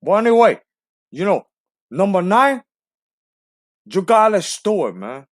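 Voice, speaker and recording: A guy putting on a cocky cuban gangster voice, trash-talking, pitched up high, bone-dry sound. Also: big pitch swings, measured pace, dry recording. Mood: boastful. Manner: brash, taunting, ends phrases with "man". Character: swaggering foul-mouthed male Cuban gangster.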